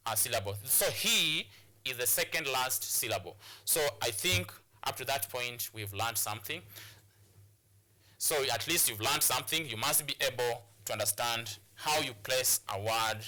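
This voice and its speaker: With a Kenyan English accent, a man teaches word and sentence stress, drilling words aloud, repeating himself, and restarting phrases as he explains. His mid-range voice is bright and forceful, with lively intonation and an unhurried pace. It sounds like a studio or classroom set up for educational broadcast.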